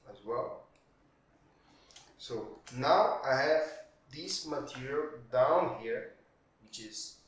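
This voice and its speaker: A man, a non-native speaker whose first language is Portuguese, walking through a software tutorial while thinking aloud and checking in with tag questions. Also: mid-range voice. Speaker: 3D art tutorial creator. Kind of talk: screen-recorded software tutorial. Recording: very echoey room, distant mic.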